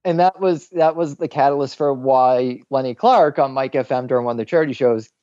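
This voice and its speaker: A man hosting a relaxed podcast, telling rowdy stories and mimicking the people in them. His voice is mid-pitched, and the recording is dull and dry, with no room sound at all. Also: fairly quick, clean tone, dry recording. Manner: animated, profane storyteller who mimics people. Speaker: podcast host. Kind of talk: casual podcast chat.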